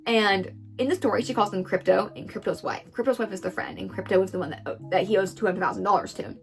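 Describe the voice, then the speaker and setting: A woman's voice: mid-range voice, vocal fry. A woman recapping someone else's story in a chatty way, acting out the quotes. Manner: brisk, chatty, acts out quotes. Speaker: commentator retelling a story.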